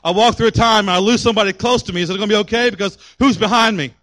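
High-voiced impassioned preacher man. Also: racing. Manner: impassioned preaching that builds to shouting, with call and response. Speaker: pastor. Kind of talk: sermon.

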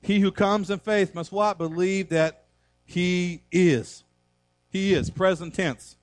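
A man's voice: high voice, slow, dry recording, faint music behind. A man preaching a sermon as a pastor in church, emphatic and repetitive, quoting scripture.

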